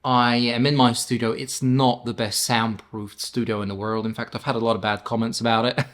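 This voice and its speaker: A man's voice: mid-range voice, flat delivery, fairly quick, a bit bright. Male host, 40s, London accent, chatty self-mocking reviewer, small home studio, camera mic at arm's length. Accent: London English. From England. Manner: chatty, self-mocking, stumbles over words. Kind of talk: casual product review. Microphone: camera-mounted shotgun mic about arm's length away.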